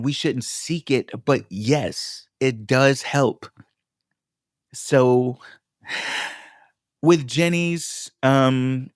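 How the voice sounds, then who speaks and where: A young man hosting a solo podcast in a sassy, affirming, casual way, calling his listeners baby and hyping them up. His voice sits at an ordinary middle pitch. The sound is dry and close, with no room around it. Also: dry recording. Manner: pep-talk, builds to emotional encouragement. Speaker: podcast host and food vlogger.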